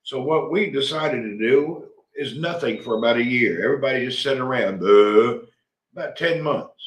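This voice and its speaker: A middle-aged man from Tennessee, hosting a rambling, animated live chat and reading out viewer comments. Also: medium pitch, normal speed, roomy sound. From Tennessee, USA. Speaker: livestream host.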